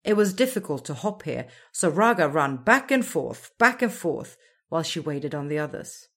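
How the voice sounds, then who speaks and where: A woman narrating a children's storybook in a slow, expressive storytelling manner. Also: deep voice.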